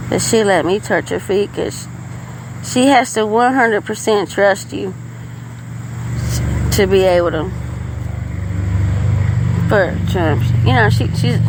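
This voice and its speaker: This podcast host, a middle-aged woman, tells a casual, meandering story in a medium-pitched voice, frequently starting her sentences over. The audio is poor, with crickets and traffic faintly audible outdoors.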